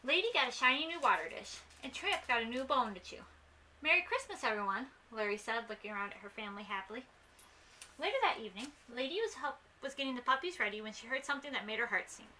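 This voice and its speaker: Bright-voiced young woman reading a storybook. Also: fairly high pitch, expressive, fast, recorded from a distance, a little hiss or hum, poor audio. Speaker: channel host, story reader. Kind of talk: storybook read-aloud.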